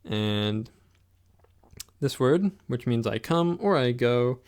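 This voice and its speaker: A man leads a pronunciation lesson, speaking slowly and patiently. He repeats each word so the listener can try it after him. His voice is smooth and resonant, with a gravelly edge at the ends of phrases. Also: mid-range voice, lively intonation, a little mellow. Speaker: language teacher.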